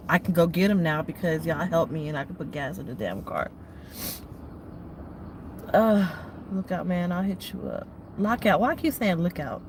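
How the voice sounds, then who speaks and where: A woman's voice: on the low side, animated, normal speed. A woman trucker talking to her viewers on a live stream, emotional and close to tears as she thanks them by name. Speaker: trucker and vlogger. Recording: noisy background.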